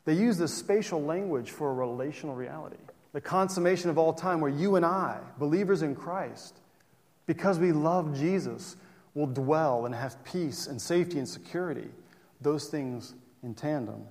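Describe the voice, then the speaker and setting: A man's voice: on the high side, moderate pace, darkish tone. A man preaching a sermon as pastor, conversational and full of rhetorical questions. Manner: conversational, asks rhetorical questions, restarts phrases. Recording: long hall reverb.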